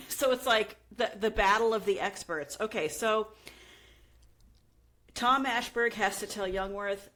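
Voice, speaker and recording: Animated woman retelling a heist story. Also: medium pitch, takes it slowly, pauses often. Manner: animated storyteller acting out quotes. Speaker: podcast co-host. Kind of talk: casual chat, retelling a true crime story.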